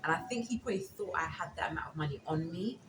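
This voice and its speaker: Low-voiced woman recounting a story. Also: lively intonation, fast. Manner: retells events with quoted dialogue. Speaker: interview guest. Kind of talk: casual storytelling. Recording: echoey room with background noise.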